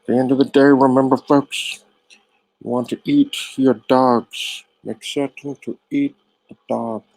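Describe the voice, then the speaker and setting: A man's voice: mid-range voice, flat delivery, a little slow, a little mellow, no echo, low-quality recording. A man rambling through a sarcastic comic monologue.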